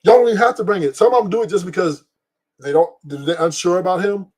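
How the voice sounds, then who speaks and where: A middle-aged man with a husky, slightly raised voice hosts a casual stream. He talks bluntly and profanely, rambles from point to point and laughs at his own stories. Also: sits high, animated, fast talker, a little mellow. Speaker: podcast host. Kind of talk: casual opinion talk on a live stream.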